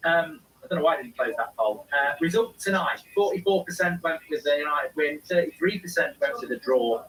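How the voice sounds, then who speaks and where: A man's voice: on the high side, lively intonation, brisk, a bit bright, recorded from a distance, a little hiss or hum, low-quality recording. A man hosting a live football watchalong, reading viewer comments aloud and answering them in casual chat.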